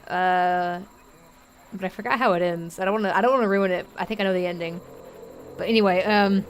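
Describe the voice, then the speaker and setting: A woman's voice: on the low side, fairly even intonation, brisk, a little hiss or hum. Chatty woman streamer thinking aloud. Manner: chatty, rambling, thinks aloud, reads game text aloud; emotional, easily moved. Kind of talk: live gameplay commentary.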